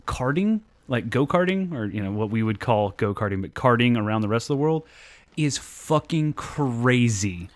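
A man's voice: medium pitch, lively intonation, normal speed. A man hosting a casual podcast, rambling over beers with lots of swearing and restarts. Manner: profane, rambling, restarts often. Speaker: podcast host.

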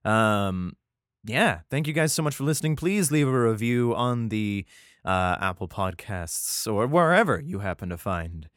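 This man has a fairly low, expressive voice, clear and resonant with a fairly bright tone, and he speaks a little slowly. Hosting a casual Bible reading podcast, he reads aloud and comments in profane, rambling, exasperated asides, recorded at studio quality without room sound.

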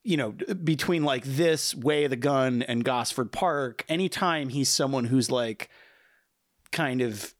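A man co-hosting a movie podcast, dropping in quick jokes and easy agreement. His voice has an ordinary middle pitch. The recording is dry and close-miked. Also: no room sound. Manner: quippy, agreeable asides. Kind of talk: casual film podcast chat.

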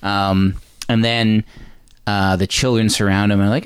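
Animated man recapping a movie. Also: lowish voice, smooth, no echo. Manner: animated, acts out characters' lines in quick voices. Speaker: podcast co-host. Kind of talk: casual movie recap chat.

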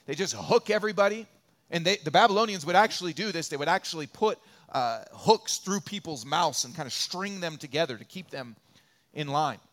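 A man preaching a church sermon with a fairly high voice. He talks in an animated way and acts out the questions and answers he describes, building in intensity as he goes. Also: brisk. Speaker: pastor.

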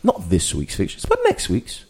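Podcast host, man, low voice with a lively swing, warm tone. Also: normal speed, slightly rough. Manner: lively, runs the segments, reads out fixtures. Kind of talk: casual football chat.

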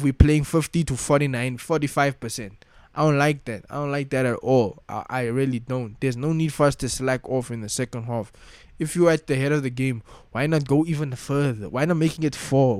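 A man's voice: medium pitch, brisk, dry recording. A young man giving a casual, slangy rant as a football fan vlogger, frustrated and repeating himself.

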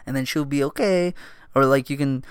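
A man's voice: mid-range voice, moderate pace, clean tone, no room sound, studio quality. A man hosting a solo podcast in loose casual chat, swearing and laughing often as he drifts from thought to thought. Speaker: podcast host.

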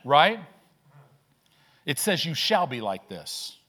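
Preaching in church, a man delivers his sermon in fast, energetic bursts, asking rhetorical questions as the congregation answers back. Slightly high in pitch, he sounds very animated, pushed and bright.

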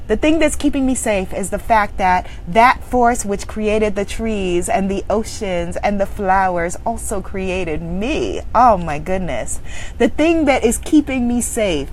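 A spiritual business coach, a woman, delivers a motivational speech in an emphatic, preachy manner, swinging between loud exclamations and low, intense affirmations. There's slight background noise.

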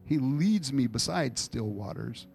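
A male pastor preaches in a relaxed, storytelling way, with a slightly gravelly voice. He talks to the congregation conversationally, and soft music can be heard faintly underneath. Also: medium pitch, unhurried. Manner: conversational storytelling, animated retellings. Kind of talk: informal sermon with Q&A.

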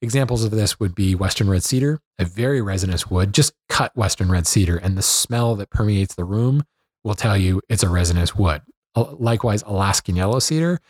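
A man explaining wood and rot in a relaxed, conversational lesson, with fillers and self-corrections. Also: fairly low pitch, fairly quick, slightly rough, no echo, studio quality. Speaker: woodworking instructor.

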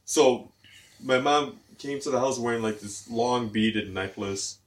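A man's voice: mid-range voice, unhurried. A man in his thirties co-hosting a casual podcast, telling family stories and acting out his mother's lines. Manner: animated storyteller acting out his mom. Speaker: podcast co-host. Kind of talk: casual chat.

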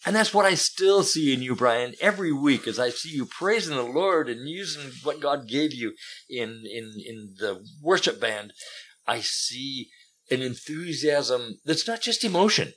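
A man's voice: medium pitch, expressive, measured pace, fairly bright tone, rough recording. A man interviewing a guest about his faith, encouraging and affirming as he responds. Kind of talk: Christian interview conversation.

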